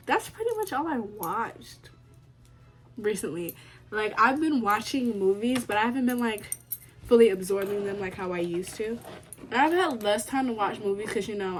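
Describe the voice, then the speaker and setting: A woman's voice: mid-range voice, animated, moderate pace. A young woman from the United States chatting casually to camera about what she has been watching, emphatic and given to repeating herself. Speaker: vlogger.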